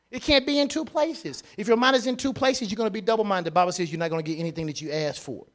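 A man preaching a sermon, repeating phrases and swinging from quiet asides to loud declarations. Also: sits high, fast, hardly any pauses. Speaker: pastor.

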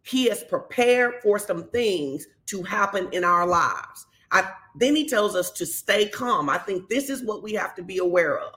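A woman pastor, giving a conversational sermon and telling stories lively, acting out the quotes. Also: medium pitch, a little slow, hardly any pauses. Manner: animated storytelling, acts out quotes.

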